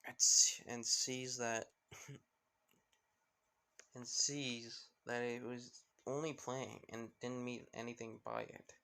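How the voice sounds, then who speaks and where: A man's voice: mid-range voice, flat delivery, takes it slowly, creaky, sharp tone. A young man casually narrating a fan story, rambling with lots of fillers.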